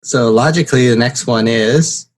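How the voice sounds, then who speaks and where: This podcast host speaks at medium pitch and normal speed, chatting casually with his guest. He's playful and teasing, and he keeps slipping into silly voices.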